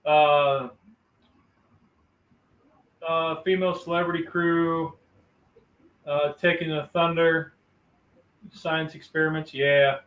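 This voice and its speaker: A man's voice: on the high side, little pitch movement, slow, long pauses, highs cut off. A man chatting casually in an easygoing way about weather and everyday life. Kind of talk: casual chat. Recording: roomy distant mic with faint noise.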